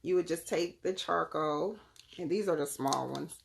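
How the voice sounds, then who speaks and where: A woman's voice: low voice, normal speed, vocal fry, slight background noise. A young woman hosting a casual live stream from home on her phone, chatting with viewers by name as she demonstrates her products. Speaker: live-stream host selling crystals and readings.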